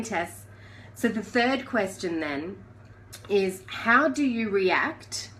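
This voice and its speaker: A woman's voice: mid-range voice, a bit bright, a little hiss or hum, low-quality recording. A woman giving a casual live coaching talk in a chatty, conversational way, asking the listener questions. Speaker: life coach.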